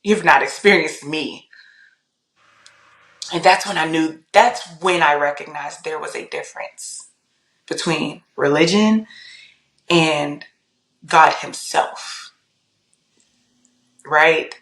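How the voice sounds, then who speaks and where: A woman tells her faith story on a podcast with lively storytelling energy, acting out her inner voice. Her voice sits on the lower side, and the room around her sounds echoey. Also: slow pace, pauses often. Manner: animated storytelling, laughs often, acts out her inner voice. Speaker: podcast guest. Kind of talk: casual testimony.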